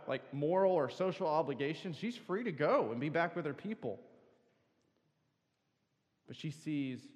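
A man preaching at a campus worship service, telling a scripture story earnestly and pressing hard on key words. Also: mid-range voice. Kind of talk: sermon. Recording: long hall reverb.

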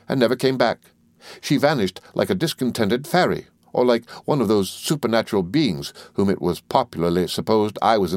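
A man narrating a classic novel as an audiobook reader in a measured, even delivery. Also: lowish voice, no echo, clean studio sound.

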